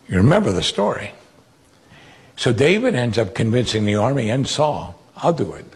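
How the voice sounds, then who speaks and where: A man preaching a sermon, retelling Bible stories with animated quoted voices. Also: on the low side, breathy edge.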